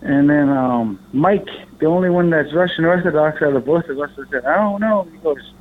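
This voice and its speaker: A man's voice: a little high, normal speed. A man from Alaska talks through a long, rambling story as a podcast guest, with a slightly raised voice. He swears freely and acts out the lines of the people in his tale. The sound is narrow and tinny, as if it is coming through a phone. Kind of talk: casual storytelling.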